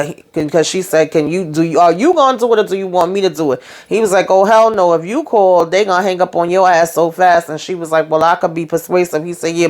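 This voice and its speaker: A woman casually recapping a TV drama episode, retelling scenes as quoted dialogue with salty slang. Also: fairly low pitch. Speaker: YouTube recap host.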